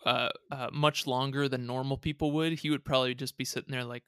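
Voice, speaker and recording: A man's voice: mid-range voice, steady tone, a little fast, a bit bright, clean tone, no echo, clean studio sound. A man co-hosting a podcast in casual chat, easygoing and reflective. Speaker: podcast co-host.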